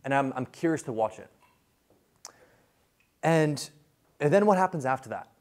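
A man lecturing a class in a casual, animated way, full of fillers and quick restarts. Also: on the high side.

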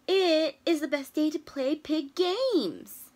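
A woman's voice: high-pitched, slow, darkish tone, pitched above the performer's own voice. A woman voicing a cheerful, bubbly little female pig in a children's storybook read-aloud, with squealing oinks and eager exclamations.

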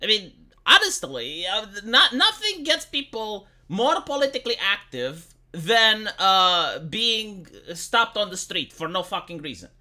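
A woman's voice: mid-range voice, very animated, a little slow, bright, forceful tone. A young woman from Romania with a Romanian accent, ranting bluntly and profanely in casual streamer commentary. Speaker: live-streamer.

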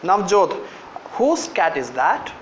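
High-voiced Indian man teaching a class. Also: very animated, slow, a little hiss or hum. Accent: Indian English. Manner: coaxing, calls on students, many fillers. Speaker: university lecturer teaching Japanese. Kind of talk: classroom lecture. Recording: echoey lo-fi classroom recording.

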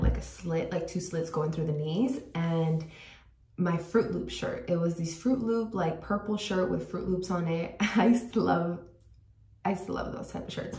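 A young vlogger tells her viewers a personal story in casual chat, packing in "like" fillers and sometimes sinking to a whisper. Her voice is lowish, creaky and a little mellow. She's recorded at a distance in an echoey home bathroom, slightly off-mic.

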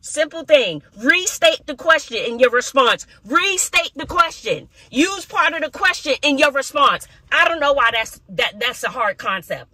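Expressive woman teacher talking to camera. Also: high-pitched, moderate pace, few pauses. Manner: expressive, ranting, sighs and laughs often. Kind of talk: casual vlog talk to camera.

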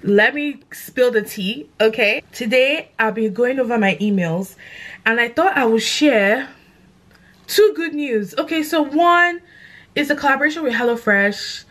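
A young woman with a London accent, chatting excitedly to camera in a casual vlog, gushing and animated. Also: a little high, a little slow. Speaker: content creator.

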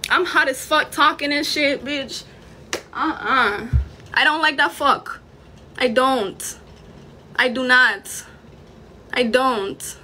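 A woman's voice: high voice, slow, pauses often, sharp tone, slight background noise. A young woman with a Virgin Islands accent, ranting on a livestream in a furious, profane, threatening way. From Saint Thomas, US Virgin Islands. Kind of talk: heated livestream rant.

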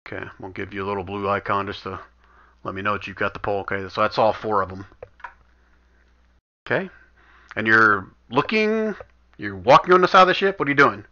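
Bright-voiced man running a game. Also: fairly low pitch, fairly quick, long pauses. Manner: casual, thinks aloud while moving map tokens. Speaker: game master. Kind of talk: running a tabletop game over voice chat. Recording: dull lo-fi voice chat audio.

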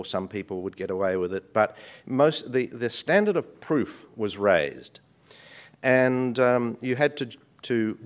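A man delivers a formal conference presentation in a measured, steady way. His voice sits low, and he sometimes repeats a word before pushing on. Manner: measured, repeats words when restarting. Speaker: conference speaker. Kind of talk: academic presentation.

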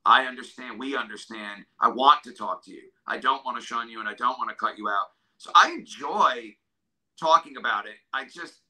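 Earnest, bright-voiced man opening up. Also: mid-range voice, breathy edge, poor audio. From New York State, USA. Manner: earnest, halting, emotional. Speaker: drummer and guest. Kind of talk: emotional interview talk.

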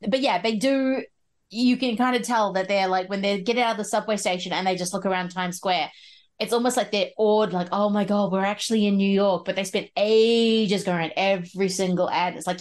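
A woman's voice: medium pitch, fairly quick. A woman hosts a casual podcast chat from a video call. She talks freely and often breaks into laughter. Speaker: podcast host.

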